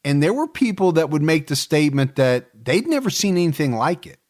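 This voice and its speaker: A man in his forties co-hosting a true-crime podcast, telling the case in a relaxed, joking way with plenty of fillers. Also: on the high side, fairly quick. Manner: storytelling, joking, many fillers. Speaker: podcast co-host.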